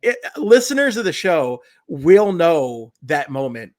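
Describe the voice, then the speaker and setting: A man co-hosting a podcast, telling a story in casual chat and acting out the people in it with loud voices. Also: on the high side, measured pace. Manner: animated storyteller, acts out quotes in loud voices. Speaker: podcast co-host.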